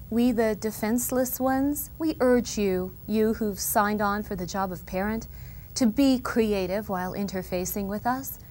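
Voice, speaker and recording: A woman's voice: fairly high pitch, slight background noise. A woman playing an earnest, precocious little girl who lectures her parents in a solemn, mock-formal comic monologue. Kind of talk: comedic monologue.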